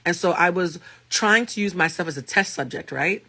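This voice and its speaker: A man with a thick, raspy, high voice speaks at a moderate pace. He's a life coach and tarot reader chatting casually on a livestream, an animated storyteller who swears freely.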